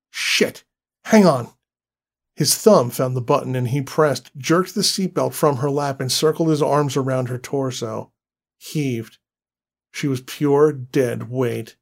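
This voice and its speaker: A man giving a scripted horror story narration in a slow, deliberate, dramatic way. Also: medium pitch.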